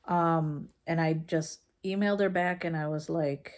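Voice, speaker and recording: A woman vlogger telling a personal story about her son in a casual, frank way, with halting fillers and restarts. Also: low-pitched, steady tone, darkish tone. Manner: frank and conversational. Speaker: mom vlogger.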